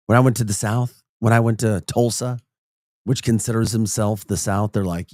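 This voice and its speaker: Chatty St. Louis radio host, lower voice. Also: male voice, fairly even intonation, normal speed, a little mellow, dry recording, studio quality. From St. Louis area, Midwest. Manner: chatty, laughing at his own stories. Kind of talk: casual morning radio chat.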